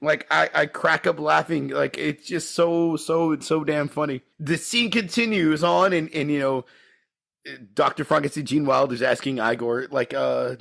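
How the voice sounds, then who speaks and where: A man co-hosting a casual podcast, talking excitedly and laughing as he acts out quoted film lines. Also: a little high, normal speed, vocal fry. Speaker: podcast co-host.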